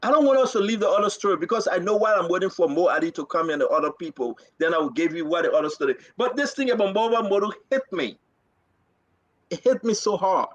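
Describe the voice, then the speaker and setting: A man's voice: high-pitched, quick pace. A man hosting a live political talk show, emphatic and repeating himself as he reads quotes aloud.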